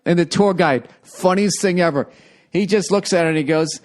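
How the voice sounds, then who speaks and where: A man's voice: high-pitched, animated, normal speed. A man in his forties with a Boston accent, telling a rambling, profane, exasperated story.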